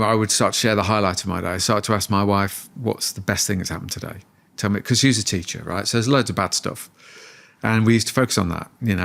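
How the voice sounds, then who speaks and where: A middle-aged man, a researcher being interviewed on a podcast, telling lively stories and acting out family conversations. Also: on the low side, vocal fry. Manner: enthusiastic storyteller, acts out family dialogue. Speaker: positive psychology researcher and guest.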